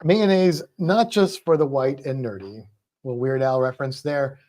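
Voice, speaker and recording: A man co-hosting a trivia livestream, chatting casually between questions. He reads out the questions and the viewers' comments. His voice sits at a middle pitch and he laughs easily. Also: moderate pace, a little mellow.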